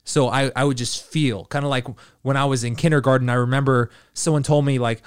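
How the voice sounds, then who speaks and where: A man's voice: medium pitch, steady tone, brisk, few pauses, clean tone, no echo, studio quality. A man hosting a podcast, telling a rambling casual story full of fillers and swearing. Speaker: podcast host.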